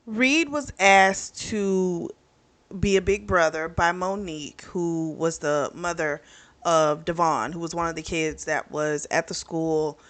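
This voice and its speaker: A young woman talks through a book's plot in a loose, chatty way. She swears freely and leans on fillers. Her voice sits somewhat low. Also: slow pace. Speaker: book reviewer. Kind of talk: casual book recap.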